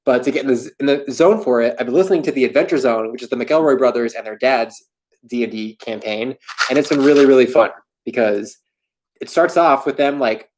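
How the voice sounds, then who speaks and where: A man's voice: mid-range voice, a little mellow. Candid young man chatting on a livestream. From Florida. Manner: candid, self-deprecating, rambling with restarts. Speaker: livestream host answering viewer questions. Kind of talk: casual livestream chat. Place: home in New York.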